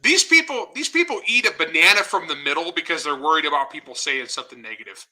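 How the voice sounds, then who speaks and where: Bright, high-voiced man telling joking stories. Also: fast talker. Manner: animated, joking anecdotes. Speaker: guest author. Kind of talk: casual storytelling interview.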